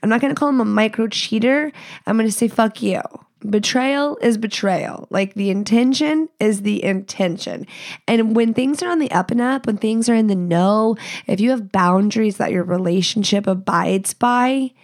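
A sassy woman podcast host delivers a casual monologue, blunt and heavy on swearing. She jumps into higher, mocking voices when she quotes other people. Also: normal speed, a little mellow.

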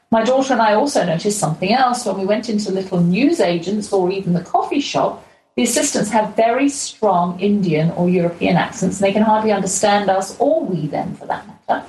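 A woman's voice: medium pitch, darkish tone. A middle-aged woman, originally from England, telling a chatty, lightly humorous travel diary as a show host. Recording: roomy echo with faint ambient noise.

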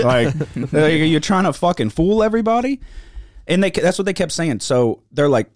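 Profane, animated man telling a story. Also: a little high, normal speed, no room sound, clean studio sound. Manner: profane, animated, mimics people he quotes. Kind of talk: casual storytelling chat.

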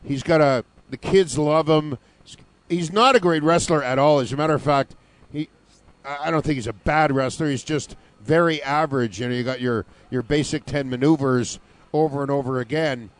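A man's voice: a little high, normal speed, dry recording. A man co-hosting a wrestling radio show, chatty, laughing easily and swearing for emphasis. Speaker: wrestling podcast co-host. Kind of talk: casual profane commentary.

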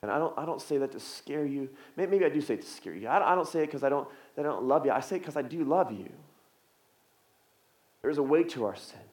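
A man in his thirties preaching a sermon as pastor, moving between soft hushed passages and loud urgent ones, often repeating words as he builds. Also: fairly high pitch, animated, fast, roomy sound. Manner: repeats words and restarts phrases.

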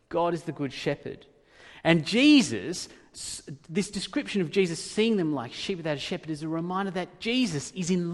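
A man preaching a sermon, emphatic and repeating key phrases, dropping to a hush and then rising again. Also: fairly high pitch. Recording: long hall reverb.

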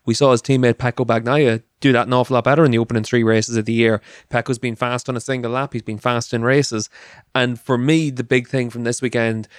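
A man's voice: medium pitch, little pitch movement, a little fast, no room sound. Man, dry close studio sound. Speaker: racing pundit. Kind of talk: studio discussion.

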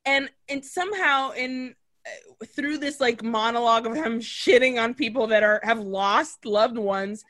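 A woman co-hosts a casual podcast, walking through a film scene by scene. Her voice sits a little high, and she tells the story with animation, slipping into the characters' lines and swearing freely. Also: measured pace, fairly bright tone. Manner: swears casually, laughs often. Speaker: podcast co-host. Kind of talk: casual movie recap chat.

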